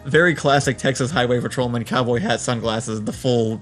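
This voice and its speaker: A man's voice: medium pitch, brisk, soft background music. A man co-hosting a casual podcast, telling a story in a wry way and laughing as he goes. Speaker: podcast co-host.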